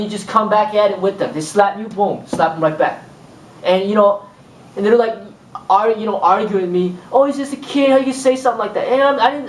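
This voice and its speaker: Guy teaching kung fu, kinda high voice, rambly storytelling, sounds far from the mic in a boomy room. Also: echoey room. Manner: rambling, repeats "boom" and acts out exchanges. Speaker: kung fu instructor. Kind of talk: informal spoken lesson.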